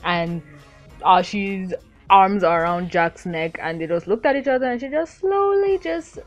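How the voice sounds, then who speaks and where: A young adult woman casually reviewing a cartoon episode, excitable and gushing, acting out the characters' lines. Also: mid-range voice, a little slow, faint music behind. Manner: excitable, gushing, acts out quotes.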